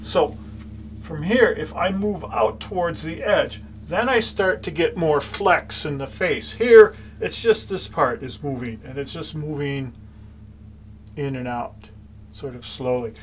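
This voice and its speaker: Man, fairly high voice, calm gong teacher explaining technique in short pauses, faint noise behind. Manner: calm, explanatory, with many pauses while playing. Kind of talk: demonstration lesson.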